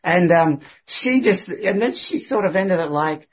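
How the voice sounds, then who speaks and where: Husky man telling a story animatedly. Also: sits high, measured pace, few pauses. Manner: animated, laughing, many restarts and fillers. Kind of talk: casual personal storytelling. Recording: dull lo-fi recording.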